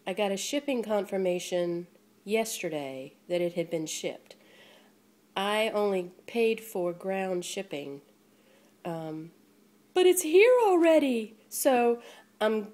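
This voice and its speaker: A woman vlogging an unboxing on a handheld phone, gushing and gasping with breathless excitement. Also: mid-range voice, takes it slowly. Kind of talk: casual unboxing chat. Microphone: phone held in hand.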